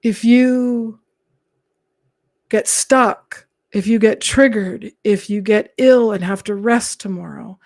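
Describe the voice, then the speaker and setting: A woman speaks on a live stream in an unhurried, earnest way. Her voice carries a gravelly fry and sometimes sinks to a soft whisper. The sound is close and dry. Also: medium pitch, no echo. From Canada. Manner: gentle, earnest, drops into soft whispered asides. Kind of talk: calm reflective live-stream talk.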